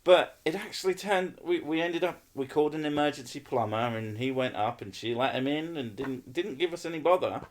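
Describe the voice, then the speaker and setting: A man's voice: fairly high pitch, expressive, a little fast, hardly any pauses. A man hosting a casual podcast chat, swearing a lot and ranting with sarcasm. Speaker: podcast host.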